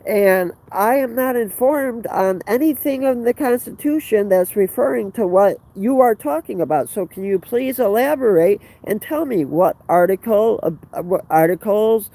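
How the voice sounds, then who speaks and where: A man's voice: high voice, animated, measured pace, vocal fry, few pauses, dark tone, poor audio. A man livestreaming outdoors on a handheld phone, rambling in an agitated, profane way with stumbling restarts. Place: outdoors by a fenced facility.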